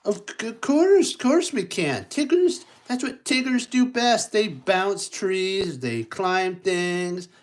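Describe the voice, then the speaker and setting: A storytime reader voicing a bouncy, boastful male tiger who stammers excitedly and turns frightened. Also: slow pace, few pauses. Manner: stammering, excited, high and loud.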